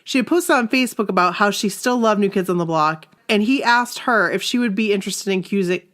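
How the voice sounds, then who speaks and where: Animated woman reading fan stories aloud. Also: a little fast. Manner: animated, laughs often, jumps into high exclamations. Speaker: podcast co-host reading listener stories. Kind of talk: casual chat, reading aloud.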